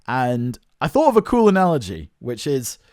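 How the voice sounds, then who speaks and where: A man's voice: moderate pace, no echo, studio quality. Earnest young British man musing aloud. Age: 20s. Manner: earnest, animated, self-questioning, swings between loud bursts and low mutters. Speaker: podcast host. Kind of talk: reflective solo podcast monologue.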